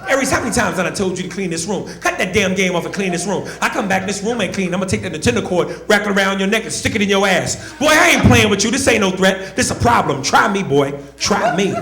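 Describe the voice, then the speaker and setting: Man doing a furious mother, loud threats, raised pitch, echoey club stage. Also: animated, quick pace, hardly any pauses. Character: furious black mother scolding her son.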